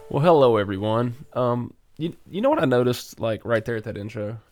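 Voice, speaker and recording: A man's voice: medium pitch, big pitch swings, brisk, darkish tone, faint music behind. A young man co-hosting a podcast, chatting casually with lots of fillers and self-deprecating asides. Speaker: podcast co-host. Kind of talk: casual chat.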